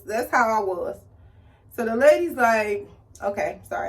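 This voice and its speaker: At a normal speed and from a distance, a woman who works as a beauty vlogger relates a lively story while doing her makeup. Whenever she quotes someone, she acts them out with big pitch shifts.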